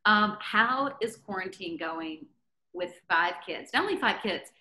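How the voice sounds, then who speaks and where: A woman's voice: mid-range voice, expressive, unhurried, sharp tone. A woman interviewing a guest for an entertainment show, asking questions in a gushing, upbeat way.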